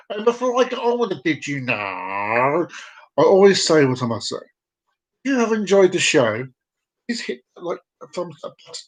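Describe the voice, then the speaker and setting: A man's voice: high-pitched, very animated, normal speed, rough recording. A man hosting a casual live comedy show, chatty and playful, giggling at his own jokes. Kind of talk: casual joke-telling.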